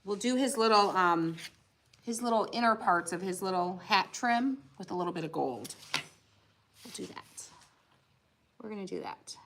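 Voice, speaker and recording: A woman co-hosts a relaxed crafting livestream, chatting and telling stories full of acted-out quotes. Her medium-pitched, slightly bright voice has lively intonation, a normal speed and frequent pauses, with a little hiss or hum in the audio.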